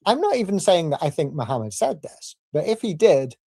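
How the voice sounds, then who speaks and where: A man with a gravelly yet mellow, fairly high, sing-song voice delivers a formal debate rebuttal point by point, arguing in a measured, deliberate manner. The sound is close and dry, with no echo or room.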